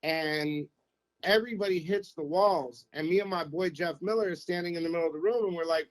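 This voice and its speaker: Middle-aged man telling stories, higher voice. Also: fairly quick, rough recording. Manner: animated anecdote-telling, acts out quotes, keeps saying "you know what I mean". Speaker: podcast guest, former radio programmer. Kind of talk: casual storytelling.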